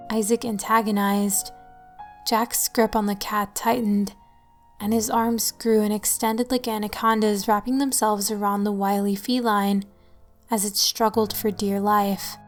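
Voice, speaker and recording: A woman reads a creepy tale in a steady, scripted narration, her pitch mid-range for a woman. Faint music plays behind her. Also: unhurried. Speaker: storyteller.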